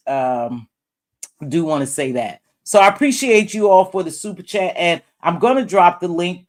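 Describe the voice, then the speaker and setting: Woman streamer, loose rambling commentary, chats straight to viewers and fellow creators. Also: fairly low pitch. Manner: rambling, talks straight to chat and other creators; calls viewers terms of endearment. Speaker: YouTube live-stream commentator. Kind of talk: casual live-stream commentary.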